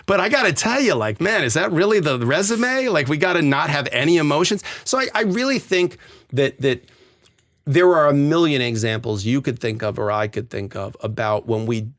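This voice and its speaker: A middle-aged man talking as a podcast guest in casual chat, animated and profane, acting out the voices he quotes. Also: a little high, moderate pace. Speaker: podcast guest, divorce lawyer. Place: tent.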